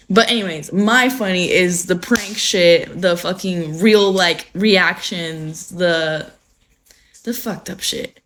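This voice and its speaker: Speaking at a slow pace with a medium, slightly bright voice, this young woman from California has just woken up. She's chatting casually on a phone livestream as its host, rambling through lots of fillers and cursing without restraint.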